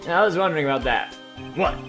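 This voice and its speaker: A man's voice: on the high side, animated, quick pace, fairly bright tone, soft background music. A man hosting a let's play, reading game text and making wry, crude asides. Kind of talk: joking game commentary.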